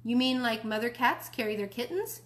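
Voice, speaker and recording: A woman reading a storybook aloud, voicing a small mischievous boy who is jealous of his baby sister in a high, childlike, whiny voice. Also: lively intonation, normal speed, natural voice.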